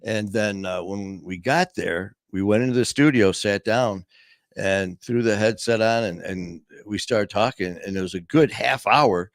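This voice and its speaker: A man's voice: on the low side, unhurried, no echo, studio quality. A man hosting a podcast and telling a story casually, rambling with many "you know"s and acting out the quoted dialogue. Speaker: podcast host.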